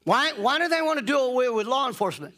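Man, preacher, very high voice, bright and forceful, emphatic sermon delivery. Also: expressive, fast talker. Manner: emphatic, insistent; repeats phrases for stress.

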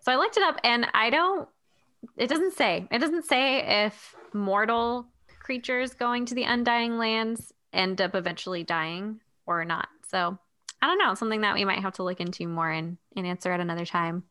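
A woman's voice: medium pitch, moderate pace, bright, forceful tone. A woman co-hosting a podcast in casual chat, thoughtfully explaining her views at length. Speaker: podcast co-host.

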